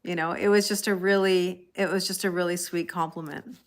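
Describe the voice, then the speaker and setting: A woman's voice: fairly low pitch, steady tone, brisk. A woman reading tarot on a casual live stream, chatting with viewers by name and laughing often. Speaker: tarot reader.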